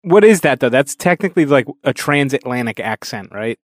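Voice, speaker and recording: A man chats casually as a podcast co-host, hedging and filling his sentences with pauses and fillers. His voice sounds dry, close to the mic. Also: medium pitch, sing-song, dry recording. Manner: hesitant, full of fillers.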